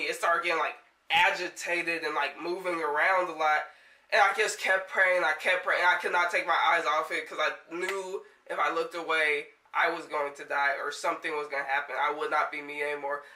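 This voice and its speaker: Young woman vlogger, sharp bright tone, shaken rambly delivery, roomy distant sound. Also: fairly low pitch. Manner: rambling, filler-heavy, swearing, shaken. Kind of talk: storytelling vlog. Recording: echoey room, set back from mic.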